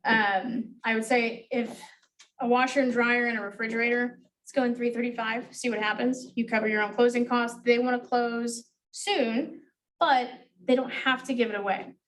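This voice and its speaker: A woman with a slightly high voice runs a training class for agents. She talks bluntly, swears freely and acts out the lines she wants them to use. The mic picks her up from a distance. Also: steady tone, moderate pace, fairly bright tone. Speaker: real estate negotiation trainer.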